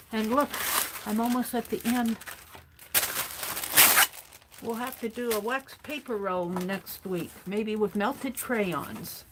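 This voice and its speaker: Slow-talking woman crafting on a livestream. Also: on the high side, a little hiss or hum. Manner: talks herself through each step, reads chat comments aloud. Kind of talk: casual crafting livestream chat.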